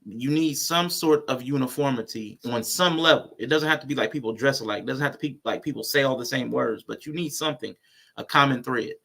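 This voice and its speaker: A man's voice: medium pitch, a little fast, vocal fry, pushed and bright, slightly rough. A man hosting casual reaction commentary, blunt and conversational. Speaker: host.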